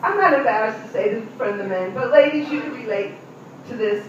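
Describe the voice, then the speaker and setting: A woman's voice: a little high, lively intonation, fast, a little hiss or hum. A middle-aged woman doing a stand-up comedy routine, chatting directly with audience members in a live venue. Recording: distant, echoey, muffled room recording.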